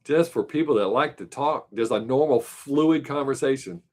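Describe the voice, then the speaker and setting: A man in an easygoing, unscripted chat on his live stream. He rambles and trails off while he mulls over a viewer's question, often pausing mid-thought before picking up again. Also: medium pitch, darkish tone. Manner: rambling, thinks aloud, trails off.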